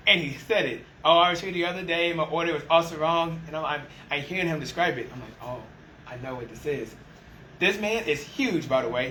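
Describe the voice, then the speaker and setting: A man who leads a restaurant team, chatting casually and acting out the exchanges in his stories with lively energy. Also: a little high, slight background noise, low-quality recording. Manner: animated storyteller, acts out quoted exchanges. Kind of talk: casual conversation.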